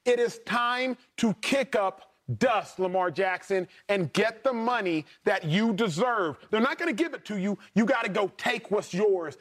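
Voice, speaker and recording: A man hosting a sports debate show, energetic and hyperbolic with a sing-song delivery. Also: high-pitched.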